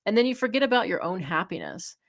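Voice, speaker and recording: A woman's voice: mid-range voice, huge pitch swings, quick pace, creaky. A woman in her thirties hosting a solo advice podcast, talking frankly and casually with lots of fillers. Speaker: podcast host, chiropractor.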